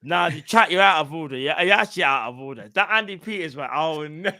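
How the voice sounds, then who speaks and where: A man's voice: on the high side, lively intonation, fast, bright, forceful tone, no room sound, studio quality. A man in his thirties co-hosting a casual live stream, full of slangy banter. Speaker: co-host.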